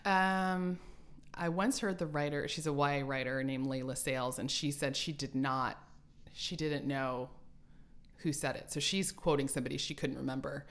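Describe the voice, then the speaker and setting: Low-voiced animated woman author. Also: moderate pace. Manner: animated storyteller, laughs often. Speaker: author guest. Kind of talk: casual interview chat.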